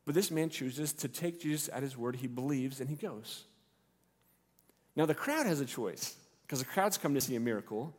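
Slightly high-voiced preacher in a reverberant hall. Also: male voice, normal speed. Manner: expressive storytelling, acts out the characters' lines. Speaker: pastor. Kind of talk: sermon.

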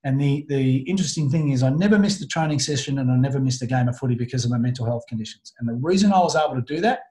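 A middle-aged Australian man telling a personal story in an interview, earnest and halting, often restarting his sentences. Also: mid-range voice, dark tone. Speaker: guest. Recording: roomy echo.

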